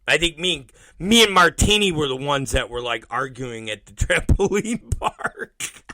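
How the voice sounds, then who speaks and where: A male radio host rambles through a profane story from home. His pitch sits a bit high and swings widely. He drawls slowly with a bright, forward tone, recorded close and dry. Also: animated, no room sound, rough recording. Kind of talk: casual radio show monologue.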